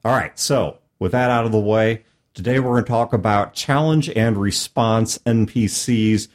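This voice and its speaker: A man hosts a casual gaming podcast, reading out announcements before moving to the day's topic. His voice sits fairly low and his manner is relaxed and friendly. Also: normal speed. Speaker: podcast host.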